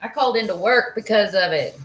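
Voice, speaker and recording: A woman's voice: mid-range voice, quick pace, a bit bright. A woman in casual chat while painting miniatures, easygoing and chiming in with short agreements. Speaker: co-host of a painting stream. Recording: echoey room.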